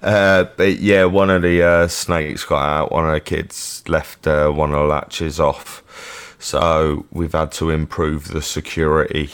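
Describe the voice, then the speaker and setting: A man's voice: rumbling low, flat delivery, measured pace, few pauses, smooth. A man with a Cockney accent, co-hosting a podcast in a laid-back, unenthusiastic, slangy way. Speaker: podcast co-host. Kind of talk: casual podcast banter.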